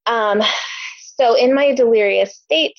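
A woman's voice: on the high side, slow, dry recording, muffled recording. A young adult woman from Omaha, co-hosting a casual book podcast, chatty with many ums. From Omaha, Nebraska. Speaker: podcast co-host. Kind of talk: casual book discussion chat.

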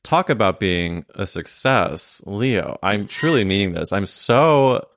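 A man's voice: lowish voice, lively intonation, slow, a bit bright, no room sound, studio quality. A man hosting a podcast, chatting casually with crude, playful, teasing questions. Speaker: podcast host.

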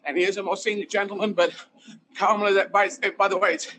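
A man, a comedian, talking in an animated, emphatic way with rambling asides during an interview, apparently while out running. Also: sits high, fast, a little hiss or hum, rough recording. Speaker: guest comedian. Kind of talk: conversational interview.

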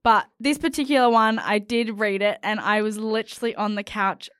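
A young woman co-hosting a podcast, reading listener stories aloud in a giggly, animated way. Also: medium pitch, moderate pace, clean tone, no room sound, studio quality. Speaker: podcast co-host.

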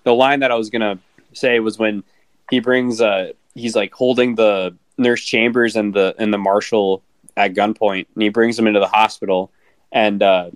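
A man's voice: lowish voice, steady tone, moderate pace, no room sound. A man co-hosting a podcast who chats casually about a film, stammering, repeating words and swearing freely. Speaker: podcast co-host. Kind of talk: casual film review chat.

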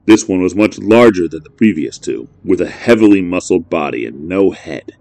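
A man narrating a horror story in a measured, brooding way. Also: sits low, lively intonation, vocal fry, darkish tone, no room sound.

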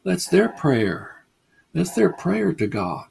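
A man voicing a kindly medieval friar who pleads softly and affectionately. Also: fairly high pitch, wildly swooping pitch, slow pace, vocal fry, breathy edge, voice pushed up, full character voice. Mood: coaxing. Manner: soft, coaxing, affectionate pleading.

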